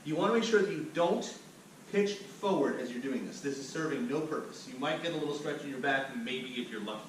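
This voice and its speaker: Guiding viewers through cool-down stretches as he shows each one, a male fitness instructor talks fairly quickly with a mid-range voice and lively intonation. His manner is upbeat, and the recording, made far from the mic in a very echoey room, carries slight background noise.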